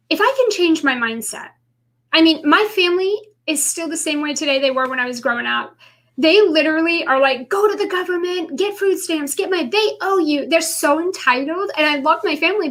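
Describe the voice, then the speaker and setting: High-voiced chatty woman coach. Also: a bit bright. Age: adult with children. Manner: chatty, asks the audience, many "like" and "right?". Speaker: business coach. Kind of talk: live stream coaching talk.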